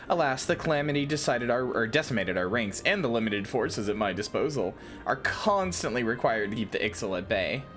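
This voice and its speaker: A woman doing a stern male elf commander in a fantasy game. His formal orders come out with a lively, rising-and-falling pitch and the odd stumble on a word. Faint music plays behind him. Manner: reads stiff, formal lines aloud, stumbling and correcting himself.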